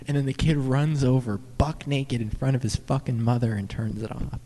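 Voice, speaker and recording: A young man telling a rambling, profane story, excited and stumbling over his words. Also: medium pitch, moderate pace, long reverb tail. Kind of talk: casual profane anecdote.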